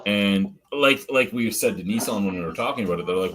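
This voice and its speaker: Middle-aged guy on a stream, husky, lowish voice, swears a lot, just chatting. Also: fast talker, few pauses, fairly bright tone. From Ottawa Valley, Canada. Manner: blunt and profane, laughs through his stories. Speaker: podcast host. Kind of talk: casual chat on a live stream.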